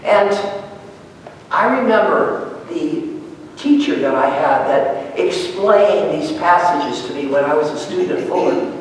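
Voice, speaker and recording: A woman's voice: deep voice, a little hiss or hum. A woman pastor giving a conversational sermon, telling stories and asking the congregation questions. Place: church sanctuary. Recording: echoey church hall, far from mic.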